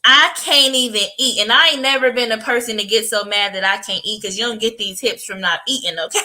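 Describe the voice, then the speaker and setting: A woman co-hosting a podcast, telling personal stories in casual chat with an expressive, emphatic delivery. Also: fairly high pitch, fairly quick, poor audio. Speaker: podcast co-host.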